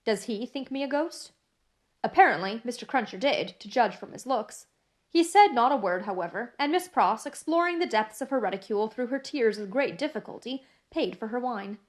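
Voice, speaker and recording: A woman narrating a classic novel in a measured, even reading style. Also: on the high side. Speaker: audiobook narrator.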